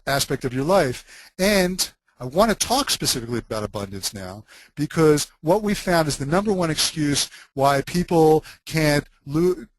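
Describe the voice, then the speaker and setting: A man teaching a course in an unscripted, earnest way, often breaking off and restarting his sentences. His voice sits a little high for a man. The sound is dry and close. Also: no echo, rough recording. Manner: earnest, frequent restarts and self-corrections. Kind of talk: unscripted spoken lesson.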